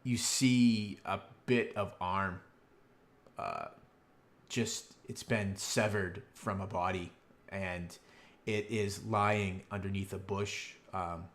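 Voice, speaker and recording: A man narrating as game master over an online call, describing scenes haltingly with many pauses and fillers. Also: deep voice, fairly even intonation, fairly bright tone.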